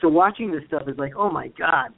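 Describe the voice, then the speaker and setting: A man's voice: fairly high pitch, fairly quick, creaky. A man in his fifties from the USA, co-hosting a casual chat, playful and chatty with easy laughs. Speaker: co-host, actor. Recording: tinny phone line.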